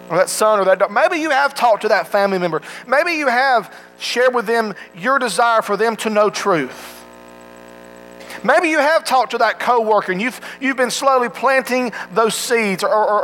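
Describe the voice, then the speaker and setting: A man's voice: sits high, fairly bright tone, slight background noise, poor audio. A man preaching a sermon in an earnest way, asking his listeners direct questions.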